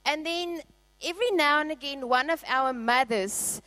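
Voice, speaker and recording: High-voiced woman preaching. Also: moderate pace, no echo, low-quality recording. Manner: warm storytelling, laughs often, many fillers. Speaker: pastor. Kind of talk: sermon.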